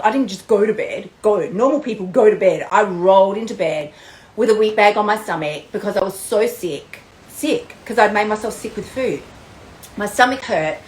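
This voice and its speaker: A woman in her thirties, a weight-loss coach giving an animated, chatty pep talk on a live stream, laughing often and swearing lightly. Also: a little high. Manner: bubbly and animated, with frequent laughs and mild swearing. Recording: roomy echo.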